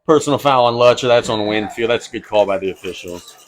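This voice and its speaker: A man calling play-by-play for a high school football game, brisk and easygoing, chuckling now and then. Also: a loud crowd, low-quality recording. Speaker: play-by-play announcer.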